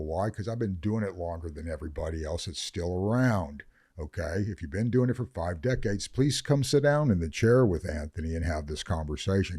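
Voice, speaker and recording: A man's voice: low voice, dark tone, dry recording, clean studio sound. An older man, a veteran grower, talking in a podcast interview, blunt, profane and fired up as he rants. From Northern California. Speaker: veteran cannabis grower guest.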